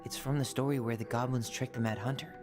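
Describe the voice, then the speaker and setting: Calm young man in a video game, a man voicing him, low thoughtful voice, music playing underneath. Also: quick pace, close to an everyday voice.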